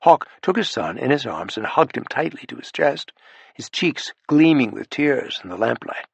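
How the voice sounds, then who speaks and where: Fields: gravelly male audiobook narrator. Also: mid-range voice, normal speed, no room sound. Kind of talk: scripted narration.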